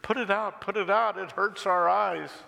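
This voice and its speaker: A pastor voicing a fearful, angry cave dweller who cries out shrilly. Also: male voice, high-pitched, steady tone, moderate pace, vocal fry, pushed and bright, big-room sound, voice pushed up, full character voice. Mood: frightened.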